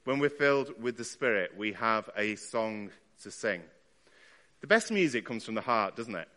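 Bright-voiced preacher in a reverberant hall. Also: male voice, on the low side, lively intonation, moderate pace. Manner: conversational, asks the listeners rhetorical questions. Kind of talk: sermon. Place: church.

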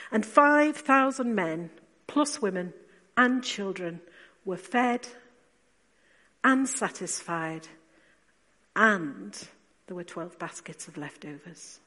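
A woman preacher giving a sermon, speaking slowly and with emphasis, asking rhetorical questions and dropping to quiet asides. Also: mid-range voice, expressive. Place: church. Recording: long church reverb.

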